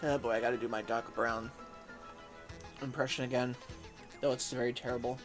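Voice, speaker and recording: A man's voice: mid-range voice, level tone, moderate pace. A man chatting casually while playing a game on stream, rambling and chatty, over game music. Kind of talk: casual let's-play chat.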